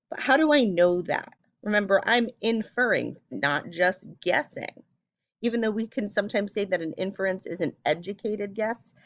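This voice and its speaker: A woman teacher giving a recorded reading lesson, speaking clearly and patiently and reading short passages aloud with expression. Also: mid-range voice, dry recording, highs cut off.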